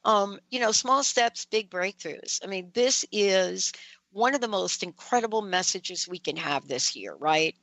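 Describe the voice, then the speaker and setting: A chatty woman hosts a radio talk show, animated as she tells a story. Her voice sits at a middle pitch. The sound is dry and close. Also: unhurried, no room sound. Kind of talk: casual radio interview.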